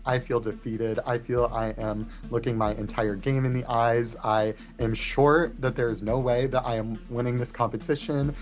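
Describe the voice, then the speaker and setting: A man's voice: mid-range voice, steady tone, normal speed, hardly any pauses. A man gives a reality show confessional. He vents about a puzzle, swearing and mocking himself. Faint music plays underneath. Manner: frustrated, swearing, self-mocking. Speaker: reality competition contestant. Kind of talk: confessional interview.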